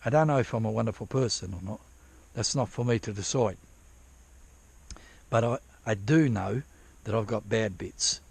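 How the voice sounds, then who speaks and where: Gravelly, swearing rambling man. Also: lowish voice, moderate pace. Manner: rambling, profane, self-interrupting. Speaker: vlogger prospecting for gold. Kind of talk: casual rambling vlog. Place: outdoors at a dig site in drizzle.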